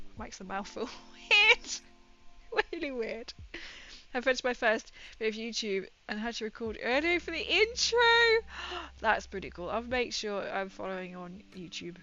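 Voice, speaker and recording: Woman, young, chatty livestream talk, giggly, bright voice, muffled audio with faint music. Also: mid-range voice, animated, moderate pace. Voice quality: giggly, chatty, drops consonants. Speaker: streamer. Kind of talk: casual livestream chat.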